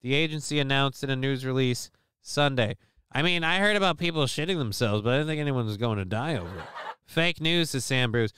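A man's voice: medium pitch, lively intonation, fairly quick, fairly bright tone, slight background noise. A man hosting a live stream show, talking casually and rambling through news stories in a crude, sarcastic way with lots of swearing.

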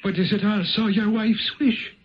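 An actor playing an ancient male Viking spirit turned Irish, who talks gravely in measured riddles for a 1970s radio drama. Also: sits high, fairly even intonation, slight background noise, natural voice. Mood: solemn. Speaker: Old Man of the Rock. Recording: dull lo-fi 1970s radio broadcast.

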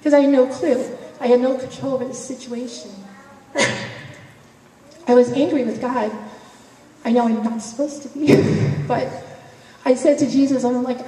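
Her voice is high and dark with fairly even intonation, a little slow and full of pauses. She's giving an emotional, chatty personal testimony in an event hall, laughing between phrases, recorded from a distance with echo and faint noise.

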